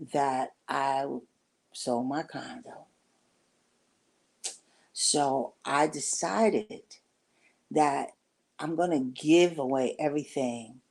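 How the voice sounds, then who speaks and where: A middle-aged woman with a low, deep voice tells a personal story in a loose, rambling way. She slips into acted-out quotes of what others said as she goes. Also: creaky, warm tone. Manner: rambling, conversational, acts out quoted talk. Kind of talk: casual storytelling to camera.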